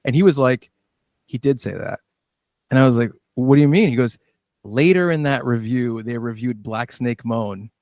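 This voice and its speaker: A man, a musician and director, telling lively stories in a casual interview and acting out what people said. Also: mid-range voice, normal speed, no echo, clean studio sound. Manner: animated storyteller, acts out quoted dialogue.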